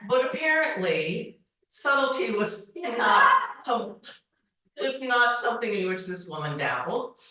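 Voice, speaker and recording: A woman in her forties tells a funny personal story to a banquet crowd, with a lot of rise and fall in her voice and a bright tone. She speaks slowly and puts on high voices for the people she quotes. The sound is roomy, as if picked up from a distance in a large hall. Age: 40s. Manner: animated, acts out dialogue with high-pitched quoted voices. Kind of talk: humorous personal storytelling speech. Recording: echoey hall, voice from far off.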